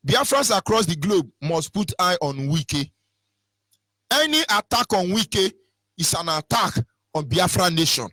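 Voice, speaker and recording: A fiery Nigerian radio presenter delivers an impassioned political monologue in Nigerian English, his voice high and lively. He chants repetitively and swings between shouting and mock whispers, recorded dry.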